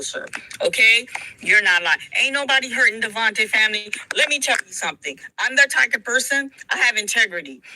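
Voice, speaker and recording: Emotional woman, bright and emphatic. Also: fairly high pitch, no echo, poor audio. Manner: emphatic, repetitive, stumbling. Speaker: interview guest in played clip. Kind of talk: heated personal statement.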